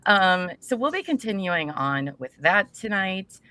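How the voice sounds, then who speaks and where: A woman's voice: mid-range voice, sing-song, unhurried, sharp tone. A woman co-hosting a podcast, chatting in a playful, teasing way. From US Midwest. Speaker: podcast co-host. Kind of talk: casual podcast chat.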